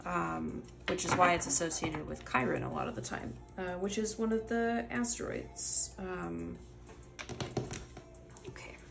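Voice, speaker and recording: A woman's voice: on the low side, steady tone, a little slow, gravelly, music in the background. A sleepy woman doing a casual tarot reading, rambling and thinking aloud with lots of fillers. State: sleepy, yawning late at night. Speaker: tarot reader. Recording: cards shuffling and clicking behind.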